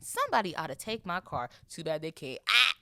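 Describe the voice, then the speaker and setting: Lively, bright-voiced woman host. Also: low voice, no room sound. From Florida. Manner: chatty, animated, playful, acts out voices. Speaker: podcast host. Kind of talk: casual chat monologue.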